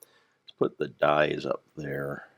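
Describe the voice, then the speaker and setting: An older man with a gravelly voice, rambling through casual gameplay commentary with dry dad jokes. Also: a bass voice, monotone, takes it slowly, fairly bright tone. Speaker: Minecraft let's player.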